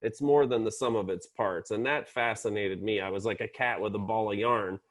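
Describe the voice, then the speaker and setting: This is a man in his sixties, a psychiatrist guest in a casual interview. His voice sits slightly low, and his humor comes out dry and deadpan. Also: moderate pace. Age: 60s.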